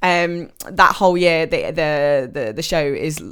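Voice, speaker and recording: A woman's voice: low-pitched, unhurried, crowd noise. A young woman co-hosting a casual podcast, telling a story in a chatty way, swearing and laughing often. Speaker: podcast co-host. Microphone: podcast microphone.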